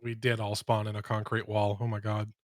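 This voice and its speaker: A man chatting casually with his tabletop group, tossing in deadpan jokes. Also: on the low side, a little fast, no room sound, clean studio sound. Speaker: tabletop game player. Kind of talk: casual chat among players.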